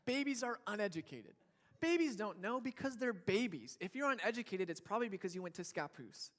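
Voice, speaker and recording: A young man with a high voice preaching to his church congregation. He keeps it casual and funny, slipping into quick acted-out voices of struggling people and fussing babies before landing his point. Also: very animated, a bit bright. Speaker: pastor. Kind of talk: sermon.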